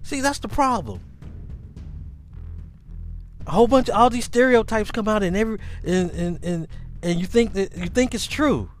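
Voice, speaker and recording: A man hosting a podcast, talking in a casual, animated, rambling monologue with many restarts. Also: high-pitched, moderate pace, pauses often, soft background music. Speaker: podcast host.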